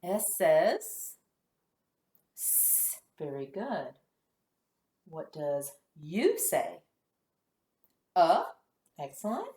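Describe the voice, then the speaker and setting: Woman teacher for little kids, slow deliberate phonics drill, animated praise, roomy echo. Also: deep voice. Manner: slow, exaggerated sound-by-sound modeling with lively praise. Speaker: kindergarten teacher. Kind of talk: phonics lesson for young children.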